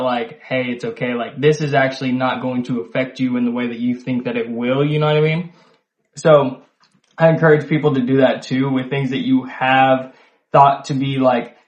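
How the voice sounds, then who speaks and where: A man talking to camera in a loose, conversational monologue, full of fillers and the odd swear word. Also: mid-range voice. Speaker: solo video host. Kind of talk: casual reflective monologue. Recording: echoey room, poor mic.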